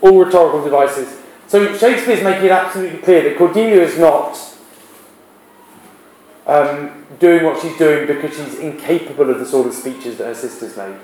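A man's voice: a little high, darkish tone, roomy sound, poor audio. A male literature teacher giving a classroom lesson, often restarting his sentences. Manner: halting, with many restarts and fillers.

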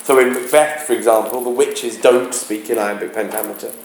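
A man teaching a class, talking haltingly, searching aloud for words and chanting rhythms to show them. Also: medium pitch, fairly even intonation, vocal fry, a little hiss or hum. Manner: demonstrates rhythms by chanting beats. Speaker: English teacher. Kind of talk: classroom explanation of a play. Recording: roomy, echoey classroom.

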